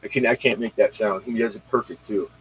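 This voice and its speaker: A man's voice: fairly low pitch, steady tone, a little fast, husky, rough recording. A man hosting a casual late-night livestream, rambling in slang and talking straight to his viewers. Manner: rambling, slangy, talks straight to viewers, retells comedy bits. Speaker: livestream host.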